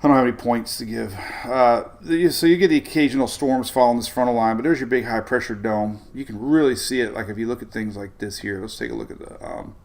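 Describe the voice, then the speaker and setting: A man's voice: medium pitch, quick pace, gravelly, few pauses, darkish tone. A man hosting a casual weather live stream, rambling and chuckling as he talks through maps. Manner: rambling, chuckling, self-interrupting.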